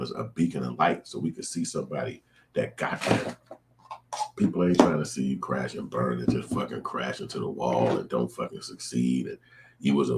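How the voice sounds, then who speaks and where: A man's voice: extremely low pitch, heavy background noise. A man hosting his own show, talking straight to viewers in a blunt, profane, preachy rant. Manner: blunt, profane, preachy ranting with acted-out quotes. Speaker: show host. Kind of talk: casual opinion monologue to viewers.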